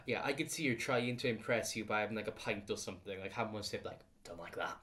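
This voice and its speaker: A woman's voice: extremely low pitch, a bit bright. A woman co-hosting a podcast in casual chat, wry and teasing. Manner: wry, teasing, quick to agree. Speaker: podcast co-host.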